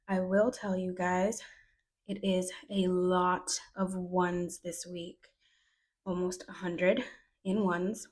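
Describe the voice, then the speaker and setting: A woman's voice: lowish voice, little pitch movement, slow pace, a little mellow, low-quality recording. Chatty woman budgeting vlogger. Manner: chatty, sarcastic asides, counts money aloud. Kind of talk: casual chat to camera while counting cash.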